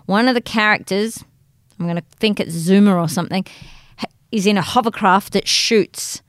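An Australian woman in her thirties, telling stories at a relaxed podcast pace and breaking off into lively asides. Her voice sits at an ordinary middle pitch. The room is dry and close, with no echo. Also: moderate pace. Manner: chatty storytelling, animated asides. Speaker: podcast co-host. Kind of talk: casual chat.

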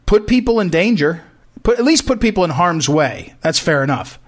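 A man's voice: sits high, sing-song, moderate pace. A man hosting a talk show, delivering an emphatic political commentary monologue that repeats points and often restarts phrases. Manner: emphatic, repetitive, frequent restarts.

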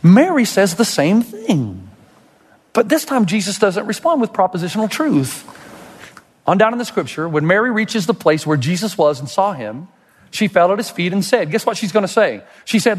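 Dramatic preacher in a reverberant hall. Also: male voice, very animated. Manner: dramatic, swings from loud high outbursts to slow hushed passages. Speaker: pastor. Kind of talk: sermon.

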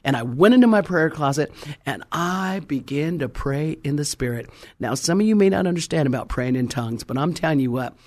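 A woman preacher telling her testimony in a sermon, animated and fervent, acting out the people in her story. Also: low voice, brisk. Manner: fervent, exclamatory.

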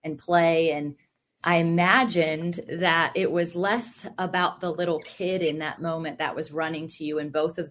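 A woman hosting a podcast speaks in a lower-pitched voice, reflective and faith-centered. She reacts warmly and laughs often during casual chat with her guest. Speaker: podcast host.

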